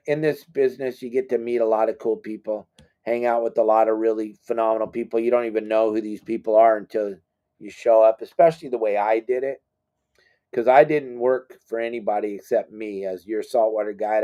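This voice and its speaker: Animated middle-aged fishing guide. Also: male voice, medium pitch. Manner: animated, self-deprecating, acts out quotes. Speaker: fishing guide and boat captain. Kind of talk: casual storytelling.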